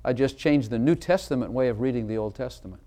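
A man delivers a sermon to a congregation, hammering his points with emphasis. He stops often to ask listeners questions directly and waits for answers. His voice sits at an ordinary middle pitch. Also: fast, mellow. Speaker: pastor.

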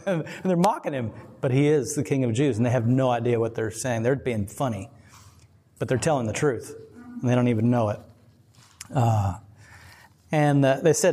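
A man's voice: mid-range voice, normal speed, mellow. A male pastor with an ordinary mid-range voice gives a loose, chatty sermon. He wanders off on tangents and chuckles along the way. His voice carries the long reverb of a big hall. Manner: rambling, digressive, chuckling asides. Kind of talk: casual conversational sermon.

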